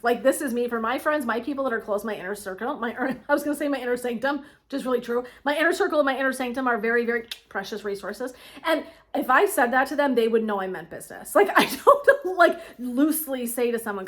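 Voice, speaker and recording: A middle-aged woman coaching in a casual, motivational talk to camera, chatty and quick to laugh, checking in often with "right?". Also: fairly high pitch, animated. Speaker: women's wellness coach.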